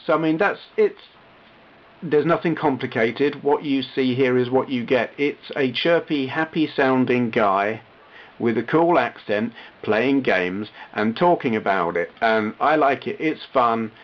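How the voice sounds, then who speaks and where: A man chats to camera in a loose, rambling way, poking fun at himself and often restarting his sentences. His voice sits at an ordinary middle pitch. The recording sounds a little muffled and lo-fi, like a home webcam. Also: measured pace. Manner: rambling, self-deprecating, frequent restarts. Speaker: retro gaming YouTuber. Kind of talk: casual vlog chat to camera.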